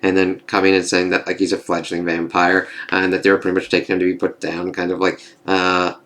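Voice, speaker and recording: A man casually recapping and reviewing a TV episode, excitable and profane, full of "kind of" and "like". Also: low voice, fairly quick.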